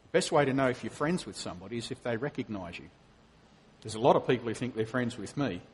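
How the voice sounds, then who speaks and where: A middle-aged man, a preacher and professor, giving a conversational sermon with animated storytelling. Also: mid-range voice, fast, slight background noise. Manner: animated storytelling, acting out quotes.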